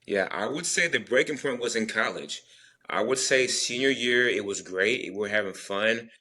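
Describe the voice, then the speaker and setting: A man's voice: on the low side, normal speed, sharp tone. A young man from Texas, an interview guest telling his story earnestly and rambling, acting out what others said. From Texas, United States. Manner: earnest, rambling, acts out quoted dialogue.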